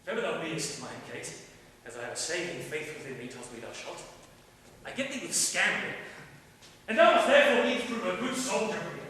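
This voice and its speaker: A man plays a young king in love, bluff and teasing, his bright, fairly high voice leaping up and down as he woos in verse. He is heard from well back across a large theater, the sound washed in long, echoing reverb. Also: lively intonation, brisk, distant mic, a little hiss or hum. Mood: wooing. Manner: teasing, declamatory verse delivery. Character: young English king wooing a French princess, bluff and playful. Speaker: stage actor. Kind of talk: classical stage acting. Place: large indoor theater stage.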